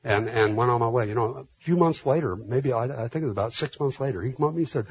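A man's voice: medium pitch, quick pace, few pauses. A man preaching a sermon in a loose, conversational way, full of restarts and fillers. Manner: conversational, many restarts and fillers, grows animated retelling stories. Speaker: pastor. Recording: dull lo-fi sermon recording.

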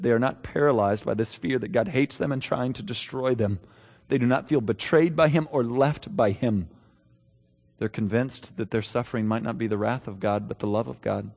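Middle-aged guy preaching, chatty stories then gets loud and emphatic, medium pitch, big hall echo. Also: moderate pace. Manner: conversational storytelling that builds to emphatic preaching. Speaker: pastor. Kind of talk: sermon.

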